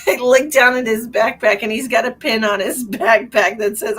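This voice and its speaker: A woman in her forties, a psychic medium chatting on a live stream, rambling and gushing, often laughing and breaking into high excited greetings. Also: normal speed, low-quality recording. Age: 40s. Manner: frequent restarts and fillers, sudden high excited greetings. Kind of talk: live-stream psychic reading, casual chat.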